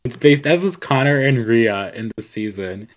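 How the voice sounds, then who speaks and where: A man at a middling pitch chats on a casual podcast and wanders through his points with constant fillers. His delivery is relaxed and conversational, from a home mic on a call. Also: normal speed. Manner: rambling, heavy on fillers like "like". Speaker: podcast co-host.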